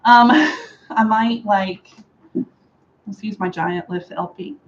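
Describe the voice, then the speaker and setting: A woman chatting casually through a hair styling tutorial at home, sarcastic and quick to laugh. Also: medium pitch, expressive, dull audio, a little hiss or hum. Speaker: beauty vlogger. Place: home room with a fan.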